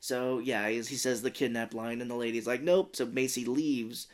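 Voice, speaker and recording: On a casual movie podcast, a male co-host in his thirties recaps scenes at length and acts out lines in silly voices. His mid-range voice stays flat, moving at a moderate pace.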